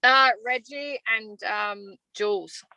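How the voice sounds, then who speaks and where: A woman's voice: on the high side, slow, sharp tone, smooth, dry recording, poor audio. An Australian woman answering interview questions openly and from the heart, talking freely about how she feels. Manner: open and heartfelt, talks freely about feelings. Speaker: evicted reality show contestant.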